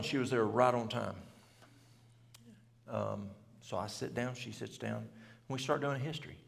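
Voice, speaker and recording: A middle-aged man, telling a story to a church audience in plain, folksy country talk. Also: on the low side. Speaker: health seminar speaker. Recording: gravelly voice in a reverberant church hall.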